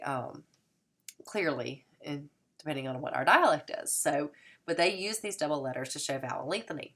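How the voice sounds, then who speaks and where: A woman with a low, deep-set voice gives a recorded lecture. She explains step by step and slows down to sound out vowels carefully, like a teacher at work. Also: a bit bright.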